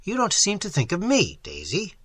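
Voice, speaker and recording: A man's voice: sits high, wildly swooping pitch, moderate pace, a bit bright, slightly rough, dry recording, voice pushed up, heavily acted. A man reading a mild, fussy, scholarly older male professor in an audiobook.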